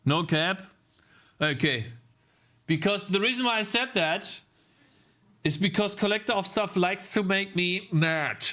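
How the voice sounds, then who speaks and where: A young male streamer codes live and mutters at his bugs as he works. He talks slowly and answers his chat in a casual, frustrated way. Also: high voice, pushed and bright. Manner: frustrated muttering while debugging, talking to chat.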